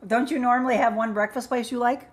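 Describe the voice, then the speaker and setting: A woman's voice: fairly high pitch, steady tone, quick pace. A woman hosting a live chat show, upbeat and chatty as she reads out viewers' comments and names. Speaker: livestream host.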